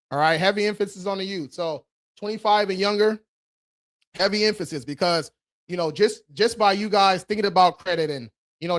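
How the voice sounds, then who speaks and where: A man hosting a casual live-stream Q&A on credit, talking loose and slangy with frequent swearing and laughter, and hyping viewers up with quick rallying calls. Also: high-pitched, a bit bright. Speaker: credit repair host.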